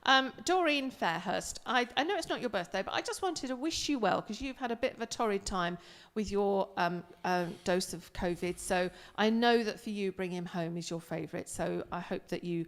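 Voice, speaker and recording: A woman's voice: medium pitch, lively intonation, normal speed, long reverb tail. A woman co-hosting a live music stream, teasing her partner and sending cheerful greetings to viewers. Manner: teasing, warm-hearted, cheerfully chiding. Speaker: co-host. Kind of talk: casual live-stream chat.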